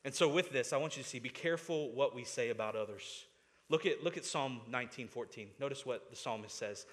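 A man delivers a sermon in a chatty, back-and-forth manner. He keeps asking the congregation questions and stumbles over repeated words as he pushes his point. His voice sits at an ordinary middle pitch. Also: a little fast. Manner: conversational preaching with frequent rhetorical questions and stammered restarts. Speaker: pastor.

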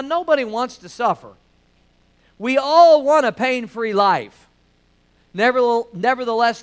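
Folksy preacher man, high clear voice. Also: poor audio. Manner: folksy storytelling, rising emphasis and dropping to quiet asides. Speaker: pastor. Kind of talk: sermon.

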